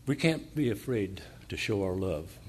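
Reading verses and explaining them, a man preaches with frequent pauses, fillers, and restarts, building at last to fervent emphasis. His lowish voice is animated and darkish in tone, with slight background noise.

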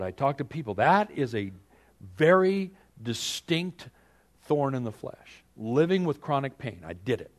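Man, middle-aged, pastor, sermon, loud pleas then hushed asides, average pitch. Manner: swings from loud pleading to hushed, with dramatic pauses.

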